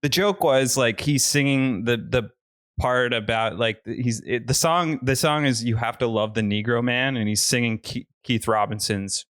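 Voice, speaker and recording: A man's voice: medium pitch, normal speed, fairly bright tone, no room sound, clean studio sound. A man co-hosting a podcast, chatting casually about a movie, rambling and laughing often as he restarts his sentences. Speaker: podcast co-host.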